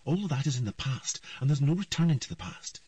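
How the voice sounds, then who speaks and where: A haunted, withdrawn young princess, as a male narrator puts her on, raised well above his own voice. She talks quickly and plaintively, in a hushed way. The recording is dry and a little distant from the mic. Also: fairly high pitch, husky, no room sound, highs cut off, voice pushed up. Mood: brooding.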